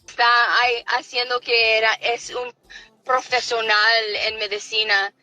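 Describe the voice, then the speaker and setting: High, bright-voiced indignant woman. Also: level tone, normal speed, no echo, faint music behind, poor audio. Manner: mocking, indignant, switches between languages. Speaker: nurse and commentator. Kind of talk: heated reaction commentary.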